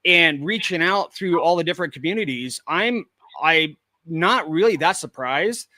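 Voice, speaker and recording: Speaking with an expressive, bright, forceful voice on the high side, this man keeps a moderate pace in a dry, studio-quality recording. He's a paranormal investigator from Washington State, USA, and as a guest in a casual video-call interview he tells of his experiences plainly and matter-of-factly.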